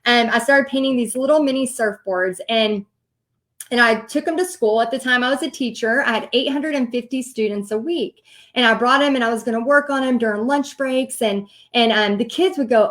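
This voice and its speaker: Thirties Southern woman host, animated and chatty, somewhat high voice. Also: a little fast. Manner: animated, chatty, many ums and likes. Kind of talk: casual storytelling livestream.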